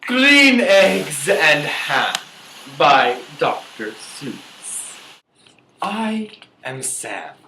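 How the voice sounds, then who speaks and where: A man reading a children's rhyming book aloud in a lively sing-song way. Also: on the high side, echoey room, a little hiss or hum. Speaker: student presenter.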